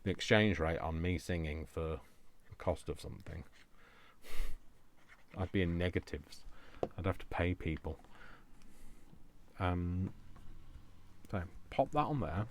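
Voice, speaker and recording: A man hosting a crafting video, rambling casually and talking to himself with jokey asides. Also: low voice. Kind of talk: casual chat while crafting.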